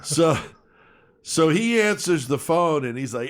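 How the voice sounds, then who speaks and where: A man's voice: a little high, unhurried. A man co-hosting a podcast, telling a prank story in casual chat, acting out other people's lines with lots of swearing. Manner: animated storyteller, acts out voices with swearing. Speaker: podcast co-host.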